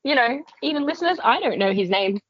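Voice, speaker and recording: A woman in casual podcast chat, giggly and playful, with a lively, slightly high voice. A faint hiss sits under a dull mic sound. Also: fast. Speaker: podcast co-host. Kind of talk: casual book-club chat.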